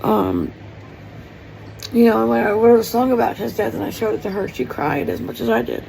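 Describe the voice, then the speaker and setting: In a tearful vlog monologue filmed in her home kitchen, a woman rambles with lots of fillers as she shares something deeply personal. Her fairly high, creaky voice has a dark tone and swoops wildly in pitch at normal speed. The rough recording carries slight background noise.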